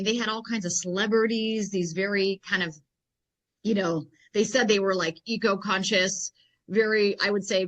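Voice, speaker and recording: A woman guest in an interview, a health and fitness professional telling stories in a rambling, animated way full of fillers. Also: medium pitch. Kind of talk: casual interview storytelling.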